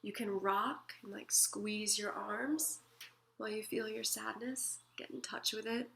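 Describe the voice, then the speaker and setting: Brief: woman, self-help teacher, gentle and soothing, bright clear tone, mid pitch. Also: steady tone, measured pace. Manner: gentle, soothing, acts out feelings in quoted asides. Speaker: emotional wellness teacher. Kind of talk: guided self-help talk.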